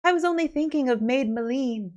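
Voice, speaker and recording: A young maid in disguise, played by a woman storyteller, lilting in a high sing-song voice. Her phrasing is old-fashioned and a little evasive. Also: expressive, brisk, darkish tone.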